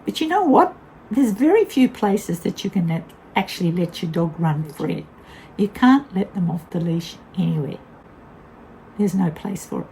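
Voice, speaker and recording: Lively older woman, mellow voice. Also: fairly low pitch, normal speed, a little hiss or hum, poor audio. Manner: candid, blunt and animated, laughs often. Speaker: vlogger. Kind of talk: casual storytelling monologue.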